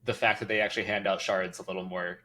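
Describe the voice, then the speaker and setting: A man's voice: sits low, level tone, quick pace, sharp tone. A young man co-hosting a casual podcast, talking with dry, wry understatement. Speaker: podcast co-host. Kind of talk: casual chat about video games.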